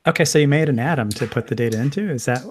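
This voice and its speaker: A man hosting a casual technical chat on a video call, relaxed and thinking aloud with fillers. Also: medium pitch, rapid-fire, slight background noise.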